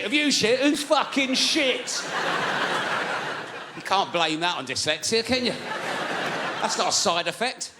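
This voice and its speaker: A man doing a stand-up comedy routine, telling an animated story full of swearing and acted-out shouting. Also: on the high side, background noise. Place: comedy venue stage.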